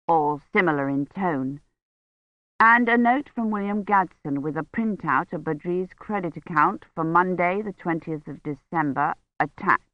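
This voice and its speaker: A narrator reading a novel aloud in a measured, even storytelling voice. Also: medium pitch, dry recording. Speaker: audiobook narrator. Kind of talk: scripted audiobook narration. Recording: dry, dull lo-fi recording.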